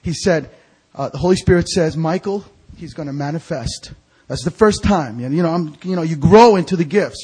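A man preaching a storytelling sermon as an evangelist, animated and acting out the voices of people in his stories. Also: on the high side, brisk, breathy edge. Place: church sanctuary.

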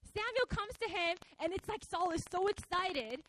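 A woman preacher giving a conversational, animated sermon, often slipping into acted quotes. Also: extremely high pitch, normal speed, a little hiss or hum, rough recording.

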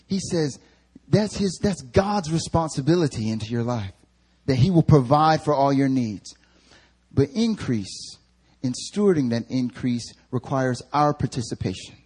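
Animated young man preaching a sermon. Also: mid-range voice, measured pace, breathy edge. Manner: animated casual storytelling with slang; rising emphatic preaching. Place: church service.

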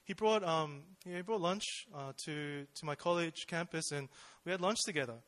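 A man's voice: fairly high pitch, normal speed, a bit bright, lightly acted. A man quoting a flustered young female college student in a slightly raised voice while telling a story.

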